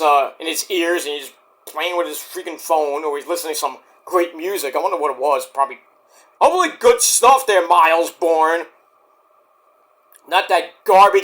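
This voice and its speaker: A man casually reviewing a wrestling show on his own, talking in an animated way, swearing often and breaking into shouted impressions. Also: high-pitched. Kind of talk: casual solo review rant.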